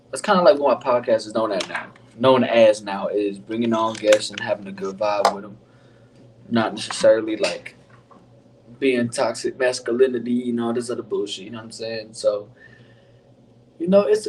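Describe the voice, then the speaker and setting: Recorded from a distance with a bit of hiss or hum, this low-quality clip features a young man introducing his podcast. His fairly low, darkish voice rambles casually and laid-back, filled with slang and frequent fillers.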